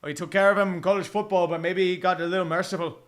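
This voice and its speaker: A man's voice: high voice, steady tone, very fast. A man streaming a football watch-along, chatting casually and profanely, with bursts of mock play-by-play calls. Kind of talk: casual live game commentary.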